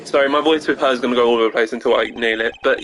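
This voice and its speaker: A man's voice: mid-range voice, steady tone, very fast, a bit bright, a little hiss or hum, poor audio. A man live-streaming gameplay, chatting to his viewers in a giggly, self-mocking way.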